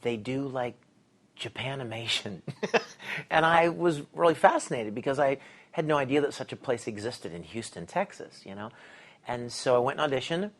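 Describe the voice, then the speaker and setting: A middle-aged voice actor talks through his career in a casual interview. He is animated, laughs often and acts out the lines people said to him. His pitch sits in an ordinary middle range. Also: normal speed.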